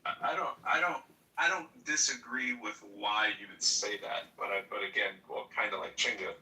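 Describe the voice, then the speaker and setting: A man hosting a casual chat, who talks haltingly and repeats his words. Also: on the low side, animated, pushed and bright, a little hiss or hum. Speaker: room host. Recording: echoey, from a distance.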